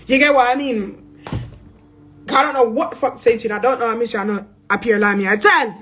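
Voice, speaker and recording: Blunt slangy London woman with a higher voice. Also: quick pace, faint music behind. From England. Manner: blunt and profane, slangy, animated with bursts of laughter. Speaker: influencer on a livestream. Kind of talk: storytime on a livestream.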